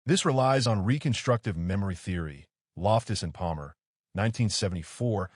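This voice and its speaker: A man narrating a true crime analysis in a low voice with a lively, rising and falling delivery. The sound is dry and close, with no room around it. He reads in a measured, analytical way, citing research and dates. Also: no echo. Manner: analytical, cites studies and years. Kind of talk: scripted narration.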